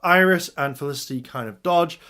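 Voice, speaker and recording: A man's voice: a little high, a little fast, bright, forceful tone. A man giving an enthusiastic casual review of TV episodes, retelling scenes and addressing his viewers. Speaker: video reviewer.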